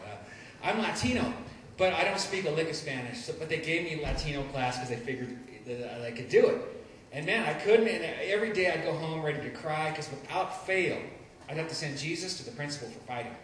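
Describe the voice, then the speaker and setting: A man works through a stand-up set in a rambling, self-deprecating way, tripping over restarts as he goes. His voice sits a little high. The live recording is very echoey, picked up from off the mic, with plenty of noise around him. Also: expressive, fairly quick, fairly bright tone, far from the mic. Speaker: stand-up comedian. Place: live comedy venue.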